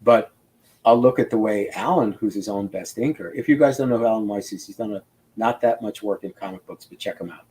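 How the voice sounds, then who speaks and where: A comic book inker, an older man, talks about his craft as a guest on a casual video call in a somewhat low, slightly mellow voice at a fairly quick pace. He rambles, tells lively stories, and restarts sentences as he works through his thoughts.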